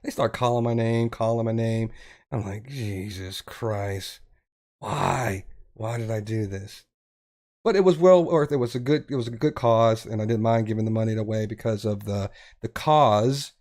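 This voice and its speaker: A man's voice: medium pitch, brisk, a little mellow. A man co-hosting a podcast in a casual, rambling chat, with many fillers and restarts. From Texas. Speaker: podcast co-host. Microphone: podcast mic.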